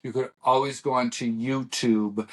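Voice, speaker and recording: This middle-aged man co-hosts a podcast in a relaxed, conversational way. His voice sits at an ordinary middle pitch. He tells stories in a rambling way, backs up, restarts, and acts out what others said. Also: normal speed. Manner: rambling storyteller who restarts and acts out dialogue. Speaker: podcast co-host. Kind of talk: casual chat.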